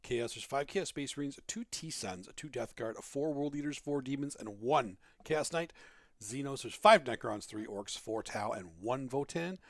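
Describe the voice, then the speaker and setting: A man co-hosting a gaming talk show in casual banter, animated, laughing easily, and quick to react. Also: medium pitch, dry recording, studio quality. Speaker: co-host.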